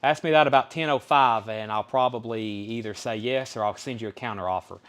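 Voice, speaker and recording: A man with a Southern US accent runs a live record sale. He reels off album titles and prices in an easygoing, folksy patter at a middle pitch. Between items he calls out the names of buyers. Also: brisk, a bit bright, clean tone. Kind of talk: live-stream sales patter.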